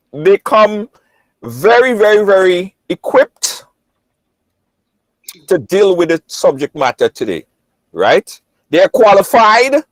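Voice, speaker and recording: A man hosting a live online talk show, lively and repetitive, greeting viewers by name. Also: high-pitched, dry recording, rough recording. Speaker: host.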